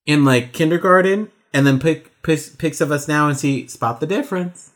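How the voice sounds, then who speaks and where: A woman's voice: sits low, moderate pace. A woman co-hosting a podcast, chatting casually with a joking, sassy manner. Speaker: podcast co-host. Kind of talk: casual chat.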